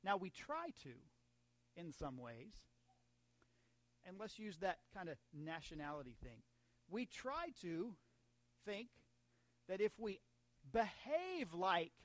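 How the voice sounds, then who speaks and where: Speaking in a voice that sits high, an American pastor from the United States preaches conversationally, pairing scripture with humor and asides. No room sound is audible.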